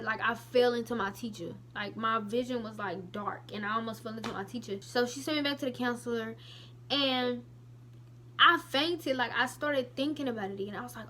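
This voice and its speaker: A woman's voice: on the high side, brisk, a little hiss or hum. Young woman telling an emotional story. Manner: emotional, animated retelling with many asides to viewers. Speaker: vlogger. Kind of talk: casual storytelling to camera.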